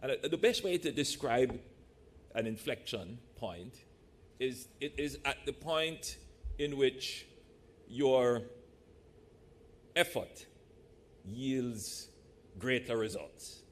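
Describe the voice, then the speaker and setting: Guy, politician speaking slow and deliberate at a mic in a big church hall, throws in little jokes. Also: mid-range voice, lively intonation. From Jamaica. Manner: measured, deliberate delivery with playful asides. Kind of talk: public speech to a live audience.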